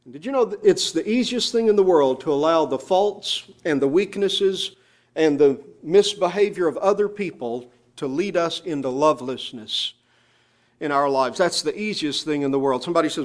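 A man preaching a sermon in church, emphatic, drawing out key phrases slowly. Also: a little high. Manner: emphatic, slows down on scripture phrases.

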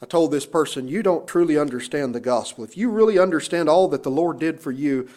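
A man's voice: on the high side, brisk, a little mellow. A middle-aged man, a pastor, preaching a sermon with rising emphasis and pointed rhetorical questions.

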